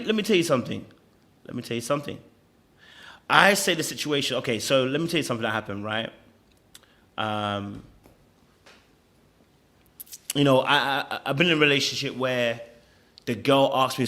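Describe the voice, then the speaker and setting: A man's voice: mid-range voice, brisk, pushed and bright. A man, hosting a podcast and giving emphatic, opinionated commentary full of stammering restarts. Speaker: podcast host reacting to clips.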